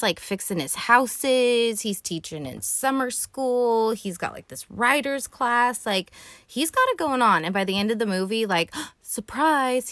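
In a dry recording, a podcast host, a young woman with a mid-range, fairly bright voice, rambles through a casual movie recap. Her talk is profane and packed with "like" and "um."

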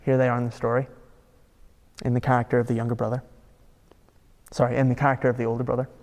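Gravelly-voiced man preaching a sermon. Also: medium pitch, a little mellow, big-room sound. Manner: conversational, emphatic preaching with rhetorical questions. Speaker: pastor.

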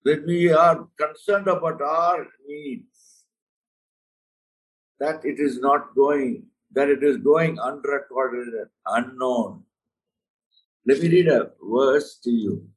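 A man's voice: mid-range voice, slow, pauses often, recorded from a distance, low-quality recording. A man preaching a sermon, earnest and emphatic, often calling the listener "my friend".

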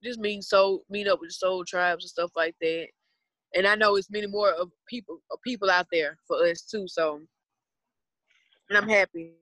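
Young woman, Southern US accent, twenties, rambling casual chat, earnest, middle pitch, dry close sound. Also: fairly even intonation, normal speed, fairly bright tone, no echo. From Southern United States. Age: 20s. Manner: rambling, earnest, talks about spirituality.

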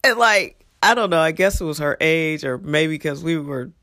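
Blunt, low-voiced woman telling stories. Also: normal speed, dry recording, studio quality. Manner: blunt, animated and profane, acting out quotes. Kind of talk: casual storytelling monologue.

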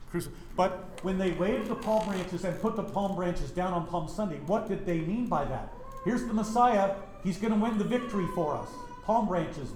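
A man's voice: high-pitched, roomy sound, a little hiss or hum. A middle-aged man from Wyoming, a pastor teaching a Bible study in a church, who keeps asking his listeners questions. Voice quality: animated, questioning the audience.

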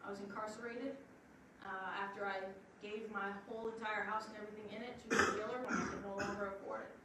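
A woman from Long Island, New York giving an earnest, emphatic spoken testimony to a congregation, with drawn-out pauses. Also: medium pitch, level tone. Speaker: program assistant director giving testimony. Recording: very echoey hall, distant, noisy.

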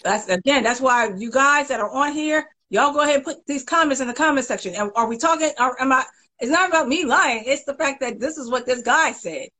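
A woman hosting a casual chat, talking in an animated, emphatic way and often restarting her phrases. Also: high voice, brisk, low-quality recording. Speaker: host.

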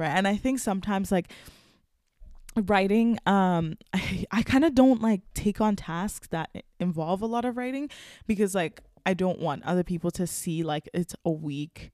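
A woman's voice: mid-range voice, moderate pace, warm tone, no room sound, studio quality. Frank, chatty young woman podcasting solo. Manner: frank, chatty, filler-heavy, laughs often. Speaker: podcast host. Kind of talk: casual solo podcast talk.

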